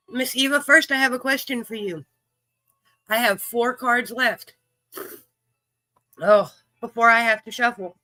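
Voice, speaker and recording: A woman hosts a livestreamed card game, chatting with viewers in a folksy, teasing, profane way while coughing and short of breath. Her slightly high voice is pushed and bright, a little slow with frequent pauses. The low-quality recording has no room sound.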